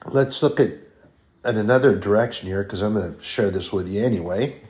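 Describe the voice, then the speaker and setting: A middle-aged man preaching a sermon and teaching from the Bible, talking conversationally with fillers and self-corrections, and swinging from soft asides to loud, rising proclamations. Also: on the low side, a little fast.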